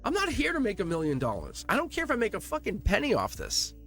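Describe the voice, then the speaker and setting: Excitable man giving a tarot reading. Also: high voice, fast talker. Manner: excitable, emphatic, laughs often, repeats himself. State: emotional, near tears. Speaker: tarot reader. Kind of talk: emotional tarot reading to camera. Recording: soft music playing behind.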